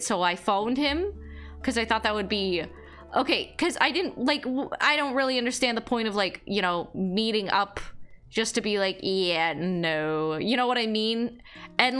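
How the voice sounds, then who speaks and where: A woman's voice: a little high, pushed and bright. A young adult woman livestreamer telling stories in casual chat, rambling with lots of "like" and "you know what I mean".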